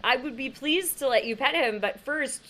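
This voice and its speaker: A woman with a slightly high voice chats casually on a podcast. She tells stories with animation and laughs easily. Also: moderate pace. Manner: animated storyteller, laughs often. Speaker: podcast co-host. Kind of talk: casual chat.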